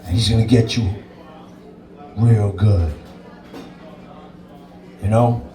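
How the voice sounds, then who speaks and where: Taking it slowly in a lowish, mellow voice, a man who DJs candidly recounts his personal story as an interview guest, emphatic, blunt, and full of swearing. The mic is distant, the sound roomy, with faint music in the background.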